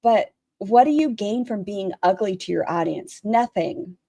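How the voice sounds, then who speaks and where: A woman's voice: medium pitch, expressive, unhurried, dark tone, slight background noise. A woman streamer giving blunt, opinionated commentary while reacting to another stream and talking to her chat.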